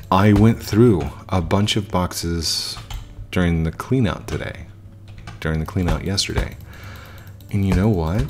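A man in his thirties talking casually and reflectively while playing a game, often restarting his sentences. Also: low-pitched. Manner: reflective, frequent restarts and fillers. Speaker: gaming YouTuber.

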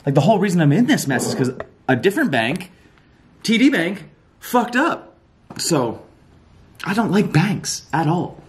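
A man vlogging casually, ranting and swearing with animated outbursts. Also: on the high side, normal speed, long pauses, a little hiss or hum. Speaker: fitness vlogger. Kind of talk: casual vlog rant.

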